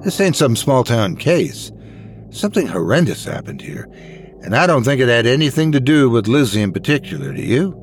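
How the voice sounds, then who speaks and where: A man voicing a cautious, loyal young female deputy who speaks softly with sighs. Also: medium pitch, big pitch swings, normal speed, slight background noise. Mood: earnest. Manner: sighing, soft-spoken.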